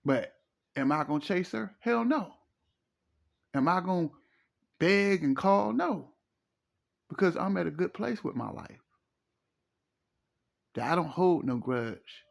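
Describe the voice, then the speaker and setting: A man's voice: high voice, sing-song, takes it slowly, vocal fry, pauses often. A middle-aged man, giving preachy, emphatic relationship advice in a casual monologue and repeating his phrases. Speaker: relationship commentator.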